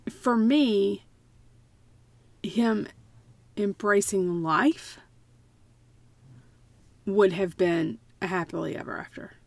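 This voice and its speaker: A woman's voice: medium pitch, takes it slowly, vocal fry, long pauses, dry recording. A woman talking bluntly and emphatically in a casual book chat, often repeating herself to make a point.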